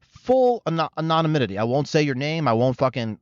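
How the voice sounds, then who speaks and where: A man's voice: a little high, big pitch swings, a little fast, smooth, dry recording. A man hosting his own show, delivering a rambling, sarcastic comedic rant full of profanity. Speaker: show host. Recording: slightly muffled dry recording.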